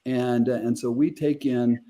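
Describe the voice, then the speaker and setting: A man's voice: mid-range voice, steady tone, a little slow, mellow. A middle-aged man, a guest on an interview show, earnestly retelling a personal story with quoted dialogue.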